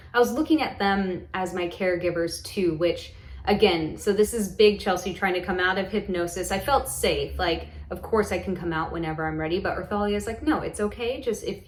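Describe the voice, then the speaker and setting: A woman tells a personal story in a relaxed vlog. Her talk wanders, full of fillers and restarted sentences. Her voice sits at an ordinary pitch, and the room adds a noticeable echo. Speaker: vlogger recounting a hypnosis session. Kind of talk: casual storytelling to camera.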